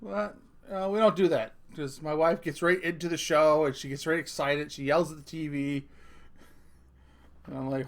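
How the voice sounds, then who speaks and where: Middle-aged male podcast host, higher voice, casual profane ranting. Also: fairly even intonation, moderate pace, a bit bright. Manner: profane, joking, talks straight to listeners. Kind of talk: casual rant.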